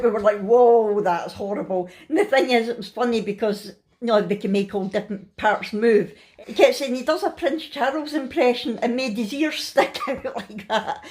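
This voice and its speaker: A middle-aged woman with a Scottish accent chats in a family vlog from her bed at home. She sounds worn out but relaxed and laughs often. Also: on the high side. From Scotland. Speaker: family vlogger. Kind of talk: casual chatty vlog.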